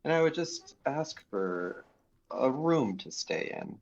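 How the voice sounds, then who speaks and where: A man's voice: mid-range voice, sing-song, takes it slowly, gravelly, highs cut off. A man playing a bard in a tabletop game, talking playfully in character. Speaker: player. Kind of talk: tabletop role-play.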